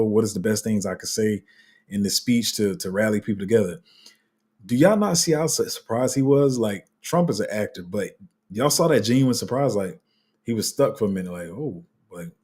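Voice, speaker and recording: Chatty low-voiced host with a husky edge. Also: male voice. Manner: chatty, animated, acts out quotes, trails off and restarts. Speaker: crypto channel host. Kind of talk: casual commentary to viewers.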